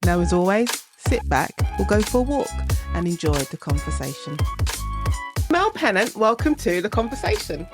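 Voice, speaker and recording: A woman hosting a podcast interview, upbeat and brisk, laughing easily. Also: medium pitch, very animated, over music. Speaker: podcast host. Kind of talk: scripted podcast intro, then casual interview.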